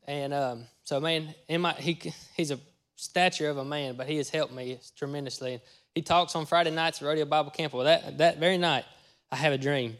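Man, pastor, testimony sermon, folksy storyteller, loud acted-out bursts, fairly high voice. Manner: folksy storytelling, acting out his own lines with sudden loud bursts.

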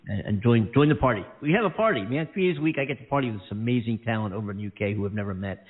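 A man from California co-hosting a casual talk show, rambling and excitable. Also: lowish voice, rapid-fire. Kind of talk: casual chat. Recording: tinny phone-like line.

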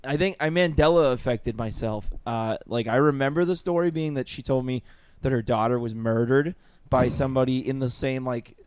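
A young man with a mid-pitched voice tells a story on a casual podcast. He rambles and keeps restarting his sentences. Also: moderate pace, few pauses, a little mellow, clean tone, dry recording. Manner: rambling, many restarts and fillers. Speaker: podcast co-host.

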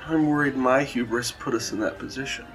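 A man plays an earnest woman cleric in a tabletop role-play, full of questions and doubt. Her voice sits at a middle pitch, with faint music underneath. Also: fairly quick, lightly acted, low-quality recording. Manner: questioning, searching.

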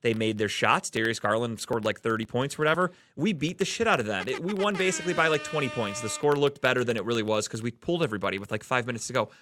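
A man's voice: mid-range voice, expressive, fast talker, hardly any pauses, fairly bright tone, a little hiss or hum. A man from the Cleveland area hosting a casual sports podcast, ranting heatedly and swearing often. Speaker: podcast host.

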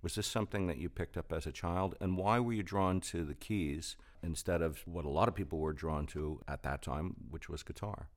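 A male host with an extremely deep, low voice asks his guest questions. He is friendly and chatty and sounds easy and conversational. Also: moderate pace, few pauses. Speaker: interview host. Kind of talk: casual interview talk.

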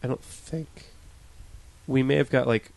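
A man's voice: mid-range voice, steady tone, a little slow, vocal fry, darkish tone. A young man co-hosting a podcast, chatting casually in a rambling, self-deprecating way with the odd swear. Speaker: podcast co-host. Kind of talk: casual chat.

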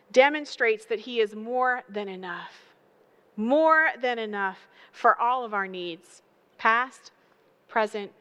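A woman preaching a sermon, building emphatic repeated phrases and telling animated stories. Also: medium pitch, smooth. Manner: animated storytelling with acted voices.

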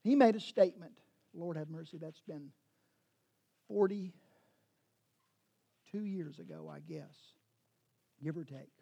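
A man's voice: fairly high pitch, lively intonation, a little slow, creaky, long pauses, dark tone. A man, a pastor preaching a sermon in a rambling, self-correcting way and teasing his congregation.

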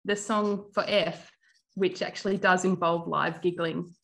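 A woman's voice: on the low side, fairly even intonation, measured pace, vocal fry, poor audio. A woman who teaches music, a guest in a podcast interview, talking cheerfully and chattily with frequent ums and laughs. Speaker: guest, primary music teacher and Braille educator. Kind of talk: casual interview.

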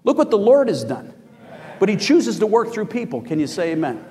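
A man preaching a sermon to his congregation, animated and rising to shouts as he asks for amens. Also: sits high, a little fast, in a large hall. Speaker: pastor. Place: church.

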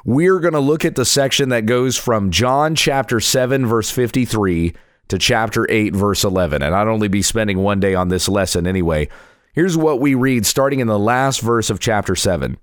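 Pastor with a weak, tired voice. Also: male voice, fairly low pitch, dry recording, studio quality. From Kansas. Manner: plain, measured, conversational teaching. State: weak voice from a cold. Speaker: pastor and Bible teacher. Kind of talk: Bible teaching lesson.

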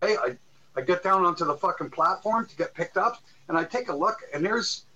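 A man's voice: high-pitched, lively intonation, moderate pace, pushed and bright, highs cut off. A man in his sixties telling a long, profane, rambling story with lots of restarts. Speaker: guest musician. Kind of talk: casual storytelling.

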